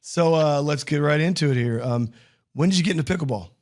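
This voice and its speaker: A man's voice: fairly high pitch, fast talker, darkish tone. A man hosting a casual interview show, rambling and joking about himself. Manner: rambling, joking, self-deprecating. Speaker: podcast host.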